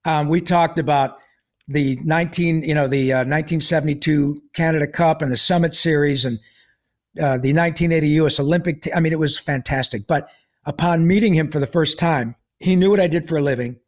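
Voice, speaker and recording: A man's voice: fairly high pitch, brisk. A man telling a personal story as a podcast guest in a casual, rambling way, full of fillers and restarts and with a wry sense of humor.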